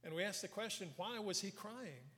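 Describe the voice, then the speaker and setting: With lively intonation and a moderate pace, an earnest preacher with a slightly high voice retells scripture in a church sanctuary. He voices quotations and softens for emphasis, and the long hall reverb carries his sermon.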